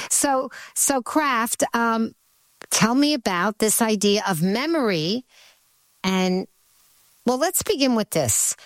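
A woman hosting a radio talk show, chatting and interviewing in a conversational way with quick asides. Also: a little high, no echo.

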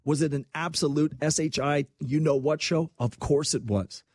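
A man's voice: a little high, moderate pace, no echo, studio quality. Fired-up man ranting about politics. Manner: animated, impassioned, mocking asides. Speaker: political commentator. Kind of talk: opinionated political talk.

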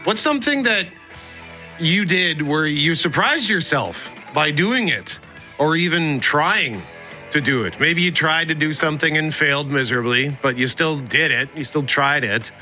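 A man co-hosting a morning radio show, energetic, rambling and restarting when chatting. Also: a little high, moderate pace, faint music behind. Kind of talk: radio ads and banter. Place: radio studio. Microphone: studio microphone.

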